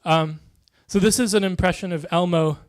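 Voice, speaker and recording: A man doing stand-up comedy, delivering deadpan one-liners in a dry, soft-spoken way. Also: high voice, moderate pace, smooth.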